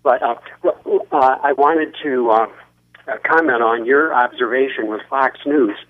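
Male radio caller, mid pitch, hesitant and full of fillers, tinny phone-line sound. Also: a little slow. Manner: hesitant, many ums and uhs. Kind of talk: call-in comment.

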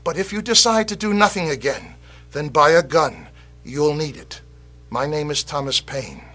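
An actor playing a fiery male patriot orator, delivering an impassioned scripted speech that swings from loud rallying cries to hushed warnings. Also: fairly high pitch, moderate pace. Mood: rousing. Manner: rousing, declamatory, swings from shouting to hushed. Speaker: actor in a political video.

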